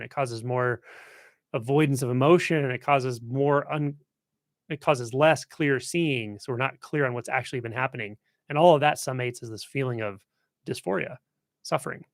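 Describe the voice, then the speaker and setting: A man teaching in a relaxed, conversational way, thinking aloud as he answers a viewer's question on a live stream. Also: mid-range voice, no echo, studio quality. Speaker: spiritual teacher hosting a live Q&A. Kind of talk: casual spoken teaching.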